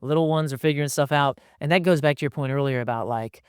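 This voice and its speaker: A middle-aged father co-hosting a podcast, talking casually and animatedly, slipping into a higher voice to act out talks with his young sons. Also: quick pace, smooth, no echo, clean studio sound.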